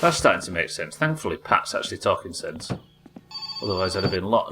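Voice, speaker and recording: A man's voice: deep voice, sing-song, brisk, background noise. A man streaming a game live, chatting, joking and reading out viewer comments. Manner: chatty, reads chat aloud, jokey. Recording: game music behind.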